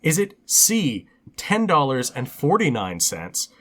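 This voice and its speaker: A man co-hosting a podcast, chatting casually over a trivia game, animated and quick to laugh. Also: fairly high pitch. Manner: animated, laughs easily, many fillers. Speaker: podcast co-host.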